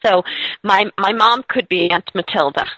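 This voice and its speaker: A woman's voice: mid-range voice, normal speed, sharp tone, dry recording, low-quality recording. A woman hosting a podcast conversation, telling stories in an upbeat way with frequent affirmations. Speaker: host.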